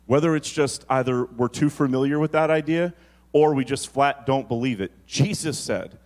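A man preaching a sermon as pastor, moving from quick storytelling to slow, drawn-out emphasis on key phrases. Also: mid-range voice, a little mellow.

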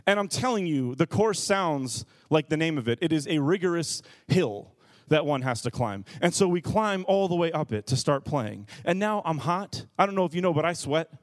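A man in his thirties preaches with an animated, self-mocking storytelling manner. His voice sits high for a man and swings up as he gets worked up. The sound is close and dry. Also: moderate pace, no room sound. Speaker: pastor. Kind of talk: sermon storytelling.

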